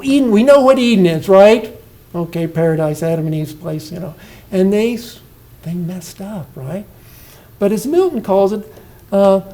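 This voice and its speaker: A man's voice: high-pitched, mellow, low-quality recording. A man in his sixties, a retiring professor giving an informal poetry lecture at an indoor reception, often asking his listeners questions and restarting his sentences.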